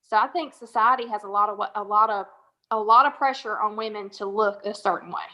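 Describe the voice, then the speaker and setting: A woman's voice: mid-range voice, fairly quick, bright, forceful tone, highs cut off. A woman in a casual panel discussion who hedges and circles back to make her point.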